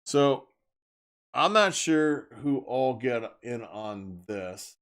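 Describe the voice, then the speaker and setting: Speaking very slowly in an expressive, medium-pitched voice that's a bit bright, a man addresses his live-stream viewers directly in an unscripted rant. He's blunt and emphatic and keeps repeating his points.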